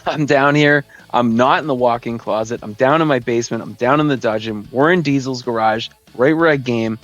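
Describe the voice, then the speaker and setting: A man's voice: mid-range voice, a little fast, a bit bright, dry recording, highs cut off, soft background music. Profane rambling man hosting a podcast. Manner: rambling, profane, acts out friends' texts in voices. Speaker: podcast host. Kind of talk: casual comedic rant. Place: home basement gaming room.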